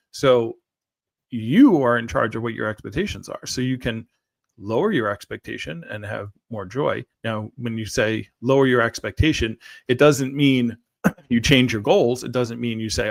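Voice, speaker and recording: Gravelly man hosting a rambling morning talk. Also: medium pitch, no room sound. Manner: rambling, repeats words, frequent "right?" and "like". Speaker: morning show host. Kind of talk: casual solo monologue.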